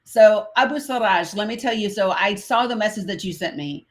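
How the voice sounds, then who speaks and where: A woman's voice: medium pitch, normal speed. An American woman hosting a livestream panel, talking casually and growing impassioned and profane as she rises into outrage. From United States. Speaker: livestream host.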